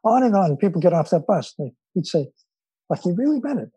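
A man speaks as a podcast guest with a very husky, mellow voice, unhurried and thoughtful, often pausing on fillers as he tells stories. His voice sits in a middle register. It is recorded close and dry, with no room sound. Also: high-pitched, very animated, dry recording, poor audio. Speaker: interview guest, psychologist and author. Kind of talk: relaxed storytelling in conversation.

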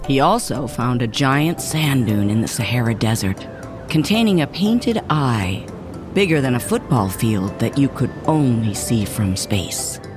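A man narrating a children's story in an expressive, measured reading. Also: mid-range voice, over music.

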